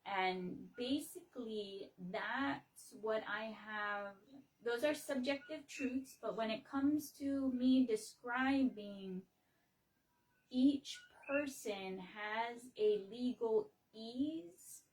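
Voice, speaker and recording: A woman from Hawaii talking on a casual livestream, slow and halting, with many fillers and restarts. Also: on the high side, far from the mic, poor audio. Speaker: livestream host. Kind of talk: casual explanatory livestream talk.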